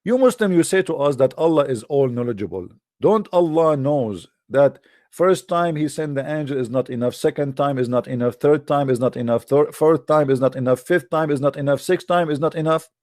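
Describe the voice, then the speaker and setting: A man with a fairly high voice argues his point in a sarcastic monologue, firing rhetorical questions at his audience. His English has a non-native grammar, and the sound is close and dry with no room echo. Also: fairly quick, darkish tone. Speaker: presenter of religious debate videos. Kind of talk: argumentative monologue.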